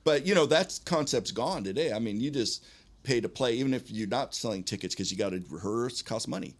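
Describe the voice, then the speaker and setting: Animated middle-aged man telling stories. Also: mid-range voice, fairly quick. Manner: animated, profane, laughs often. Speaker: podcast guest, punk band frontman. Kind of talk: casual storytelling.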